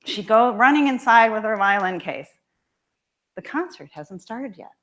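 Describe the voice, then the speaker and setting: A woman minister preaching a sermon in a church, emphatic and expressive, repeating key lines slowly for weight. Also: on the high side. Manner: emphatic and expressive, with measured repetition. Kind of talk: sermon with storytelling. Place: church sanctuary.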